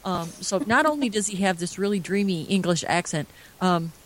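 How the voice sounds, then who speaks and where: Animated, swearing woman co-host. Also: lowish voice, normal speed, background noise. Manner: animated, swears freely, many restarts. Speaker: podcast co-host. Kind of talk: casual chat.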